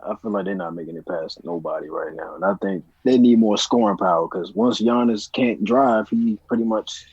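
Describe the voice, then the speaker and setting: A man with a low, gravelly, mellow voice weighs in on sports trades and often hedges with "I feel like". The recording is dull and lo-fi, with a dry sound. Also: moderate pace, hardly any pauses, no echo. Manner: hesitant, starts with "I mean" and "I feel like". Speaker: podcast co-host. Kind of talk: casual sports debate.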